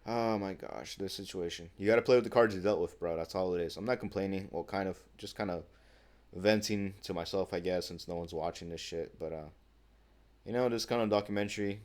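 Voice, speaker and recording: An eighteen-year-old guy talks to his camera in a loose, slangy vent, dropping "bro" and curse words everywhere. His voice sits a little low, and he acts out other people's lines in quick quoted bits. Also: a little mellow. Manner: casual slangy talk, says bro a lot, swears freely. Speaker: vlogger. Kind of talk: casual venting monologue.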